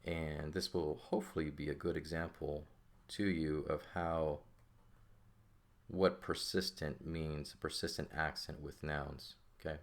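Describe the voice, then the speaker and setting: A man's voice: rumbling low, fairly even intonation, a little slow. A man teaching a recorded language lesson, explaining step by step and checking in often with "okay?" and "right?".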